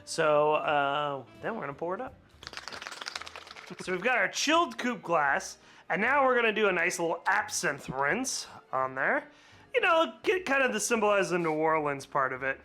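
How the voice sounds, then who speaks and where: Bright-voiced chatty man mixing cocktails. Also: sits high, big pitch swings, normal speed, soft background music. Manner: chatty, laughs often, rambling asides. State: slightly hungover. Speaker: cocktail channel host. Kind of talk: casual cocktail-making vlog.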